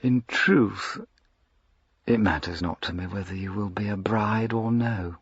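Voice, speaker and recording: A man voicing a sinister, predatory aristocratic duke who speaks in a soft, purring, imperturbable way, dropping at times to a whisper. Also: fairly low pitch, animated, slow, breathy edge, no room sound, voice pushed up, full character voice. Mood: menacing. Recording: dull lo-fi recording.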